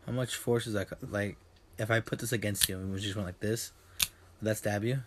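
A man's voice: on the low side, fairly even intonation, fairly quick, noisy background. A young man hosting a podcast in casual chat, rambling and joking, swearing often and trailing off into fillers. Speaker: podcast host.

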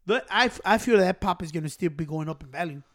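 A man telling a story in casual chat, profane and animated, switching between English and Spanish and acting out the people he quotes. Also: on the high side, fast talker, no room sound, clean studio sound. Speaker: podcast co-host telling a story.

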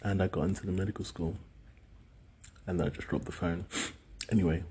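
A British man in his thirties recounts his dreams alone in a casual monologue, his low voice gravelly and mellow. He rambles hesitantly, using plenty of fillers, with a little background noise behind him.

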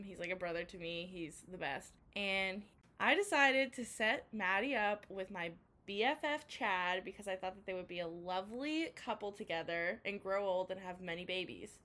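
A woman's voice: fairly low pitch, normal speed, bright, forceful tone. A young woman from Canada co-hosting a laid-back podcast. She tells stories in a playful way and drops swear words casually. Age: young adult. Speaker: podcast co-host. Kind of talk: casual chat.

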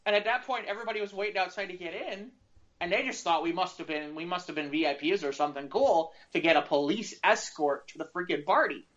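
A man's voice: sits high, fast talker, a bit bright, lo-fi sound. A man co-hosting a casual talk show, telling a long, rambling story. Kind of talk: casual podcast chat.

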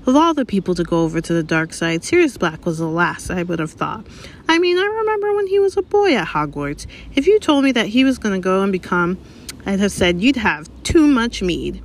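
A woman's voice: mid-range voice, big pitch swings, fairly quick, slight background noise. A woman reading aloud, voicing a friendly, curious female pub landlady in a raised, gossipy voice. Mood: chatty, curious. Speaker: reader. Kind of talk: read-aloud audiobook.

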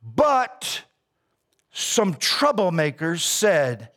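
A man preaching a sermon as a pastor, casual and animated, with slang. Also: a little high, extremely slow.

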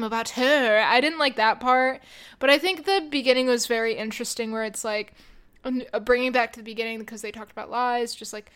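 A woman's voice: on the high side, brisk, fairly bright tone, smooth. A woman co-hosting a podcast in casual chat, enthusiastic and stretching words out for emphasis. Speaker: podcast co-host.

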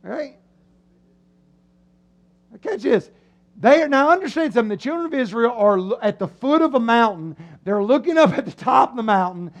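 A male preacher delivers an animated sermon in a church, his voice sitting unusually high. He slips into comic voices to act out his listeners' reactions. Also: moderate pace, long pauses. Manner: animated, acts out voices of the crowd. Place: church sanctuary.

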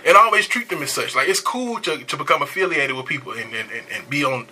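A man co-hosting a laid-back podcast, his voice bright and a little husky. His pitch sits high and swings widely as he moves from laughter into earnest advice. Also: lively intonation, fast, low-quality recording. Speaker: podcast co-host. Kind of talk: casual chat.

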